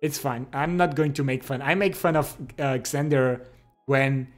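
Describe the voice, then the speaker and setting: French-accented man, slow playful stream chat. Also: mid-range voice, faint music behind. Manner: laughs often, playful and teasing, speaks English with pauses and restarts. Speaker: live streamer. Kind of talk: casual chat, reading out viewer comments. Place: home streaming setup.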